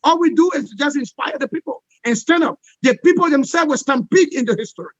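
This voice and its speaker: A man giving an impassioned political interview as a guest, forceful and repetitive, often asking "all right?". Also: very high voice, lively intonation, fairly quick, dry recording, dull audio.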